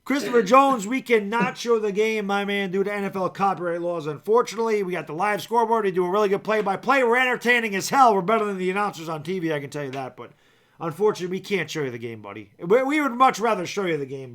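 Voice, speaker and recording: Man, high lively voice, sports stream co-host, casual play-by-play, jokey. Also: quick pace. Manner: animated, jokey, shouts on big plays. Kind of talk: live stream chat with play-by-play.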